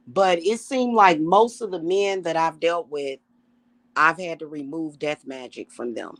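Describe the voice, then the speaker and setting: A middle-aged woman, a self-styled high priestess, ranting to her viewers in a casual, emphatic and profane way. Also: measured pace, no room sound. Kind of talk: casual spiritual rant to camera.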